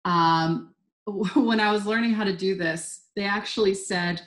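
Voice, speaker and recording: Upbeat young woman as a wine instructor, mid-range pitch, roomy echo. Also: a little slow, fairly bright tone. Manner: bubbly, chatty and upbeat. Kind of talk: live online wine tasting lesson.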